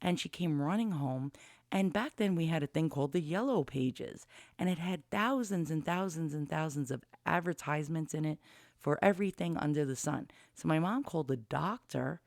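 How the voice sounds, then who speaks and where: Here a female vlogger in her fifties recounts something from her own life, frank and meandering, cursing bluntly along the way. Her pitch sits low, her pace is normal, and her creaky voice carries a darkish tone. The sound is dry, captured on a studio mic with a pop filter.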